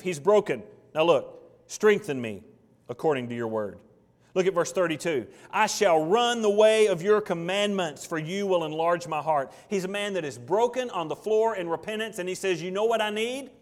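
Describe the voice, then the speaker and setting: A fairly high-voiced man preaches a sermon, his words ringing out in a large reverberant hall. He leans into scripture with slow, rising emphasis. Then he turns quiet and low to press questions on his listeners. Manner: earnest preaching, slows and rises on scripture, drops soft on questions. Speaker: pastor.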